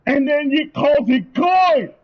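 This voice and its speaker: A man's voice: very high-pitched, animated, slow pace, highs cut off. A man streaming, delivering a heated, profane rant to his viewers. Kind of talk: angry rant.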